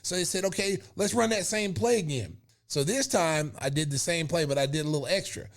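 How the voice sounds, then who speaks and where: A man in his fifties hosting a podcast, telling a lively story and laughing often as he goes. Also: fairly high pitch, a little fast, creaky. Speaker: podcast host. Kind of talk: animated storytelling.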